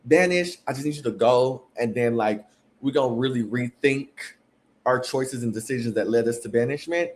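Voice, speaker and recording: Male host, low-voiced, loose chatty recap delivery, faint hiss behind. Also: a little mellow. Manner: chatty, rambling, full of fillers. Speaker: podcast host. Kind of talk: casual reality TV recap.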